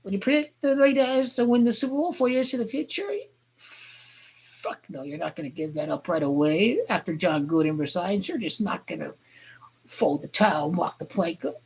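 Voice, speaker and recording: Husky-voiced woman ranting about football. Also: fairly low pitch, expressive, fairly quick. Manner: rambling, crude and heated, with sudden shouting outbursts. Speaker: sports fan vlogger. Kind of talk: profane football rant.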